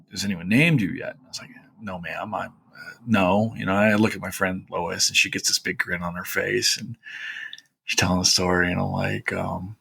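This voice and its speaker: A man from Kentucky talks through a personal story in a loose, rambling way, with "you know" scattered all through it. His voice sits low and has a gravelly, crackly edge. He sounds heartfelt and close to tears. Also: bright, forceful tone. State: tearful at times. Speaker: historian host.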